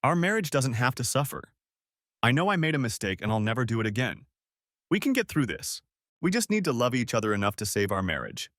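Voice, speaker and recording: A man's voice: mid-range voice, big pitch swings, brisk, a bit bright, no room sound, clean studio sound. A man voicing an adult wife who stammers defensively and pleads through tears. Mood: tearful. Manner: stammering, defensive then sobbing.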